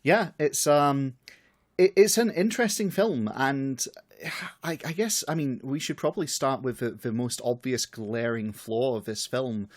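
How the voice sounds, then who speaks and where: A man's voice: mid-range voice, measured pace. A man co-hosting a podcast, talking hesitantly with restarts and addressing the listener. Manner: hesitant, stammering, speaks to the listener. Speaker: podcast co-host. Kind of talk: casual film-review chat.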